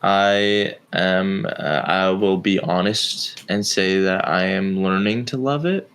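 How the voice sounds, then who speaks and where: A man co-hosting a casual film podcast, laid-back and chiming in with quick remarks. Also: sits low, fairly even intonation, a bit bright, smooth. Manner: slow, laid-back, interjecting. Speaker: podcast co-host, band member. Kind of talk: casual chat.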